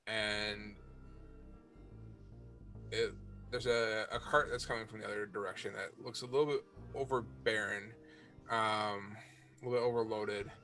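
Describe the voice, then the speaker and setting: A low-voiced man narrates a tabletop fantasy session as game master, halting often with fillers and restarts. Faint music plays behind him. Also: steady tone, bright, forceful tone.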